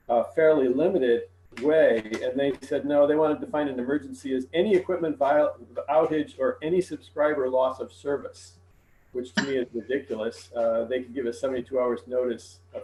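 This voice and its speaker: A man giving a frank, measured report to a village board over an online meeting. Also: mid-range voice, warm tone, roomy sound, poor audio.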